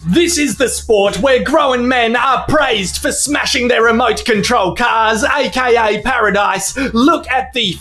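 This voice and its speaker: A man doing crude, excitable mock commentary over funny video clips, swearing often. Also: very high voice, measured pace, hardly any pauses. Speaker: comedic voice-over narrator.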